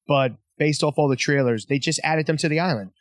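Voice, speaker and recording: Podcast host guy, kinda high voice, animated swearing banter, dry close mic. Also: brisk, no echo. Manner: animated, profane banter with lots of repeats. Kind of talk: casual chat.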